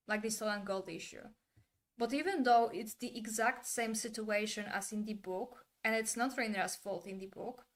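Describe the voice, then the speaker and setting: A woman's voice: a little high, a bit bright. Blunt, opinionated woman streamer. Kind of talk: casual livestream commentary.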